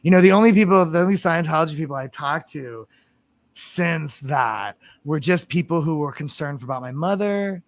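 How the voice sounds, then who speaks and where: A man talking as a guest in a casual livestream chat, candid and wry, often halting mid-sentence. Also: a little high, animated. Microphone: video call.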